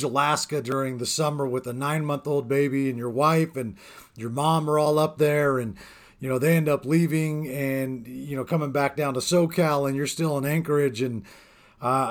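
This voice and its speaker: A man hosting an interview, casual and loose, with a voice pitched a little above the usual. He sets up his questions with plenty of "dude" and "I mean.". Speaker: podcast host.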